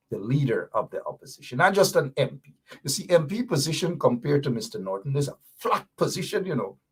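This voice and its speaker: Male talk host, slightly husky, playful and teasing with his audience. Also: medium pitch, fairly bright tone. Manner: playful, teasing viewers while reading comments. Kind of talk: live call-in talk show chat.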